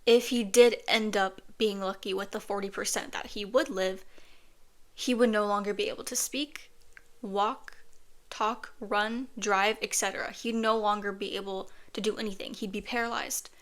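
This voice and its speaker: A woman's voice: medium pitch, steady tone, moderate pace. Chatty woman telling a personal story. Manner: chatty, many "like" fillers, earnest. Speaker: storytime podcaster.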